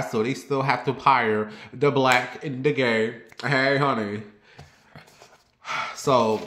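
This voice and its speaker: Candid chatty man in an echoey room. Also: mid-range voice. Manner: candid and confiding, rambling with restarts; turns lively and sassy when telling stories. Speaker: vlogger. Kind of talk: casual personal chat to camera. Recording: roomy echo.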